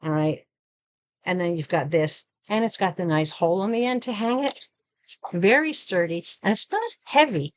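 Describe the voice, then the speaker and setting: A woman's voice: lowish voice, moderate pace. A woman chatting casually through a product unboxing, showing each item as she talks. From Arizona. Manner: chatty, shows items while talking. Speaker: product review vlogger.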